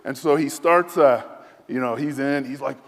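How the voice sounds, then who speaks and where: A man's voice: medium pitch, unhurried. Man telling a story in an echoing hall. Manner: lively, self-deprecating storyteller who acts out quoted voices. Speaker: military leader giving a speech. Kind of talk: anecdotal storytelling speech. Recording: echoey hall.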